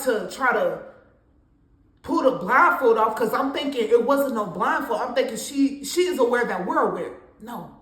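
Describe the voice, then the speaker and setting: A young woman tells a personal story in a candid, conversational way. Her voice sits a little high. The recording has a noticeable room echo. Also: a bit bright. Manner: candid, conversational, with laughs and slang. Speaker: storytime vlogger. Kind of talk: casual storytime monologue.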